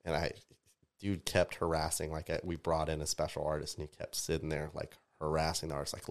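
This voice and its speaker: A man with a very low voice from Tampa tells stories as a podcast guest. His telling is animated, and his voice shoots up when he acts out what other people said. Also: fairly quick. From Tampa, Florida. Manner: animated storyteller, voices rise sharply in quoted outbursts. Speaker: podcast guest, DJ and music producer. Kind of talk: casual storytelling chat.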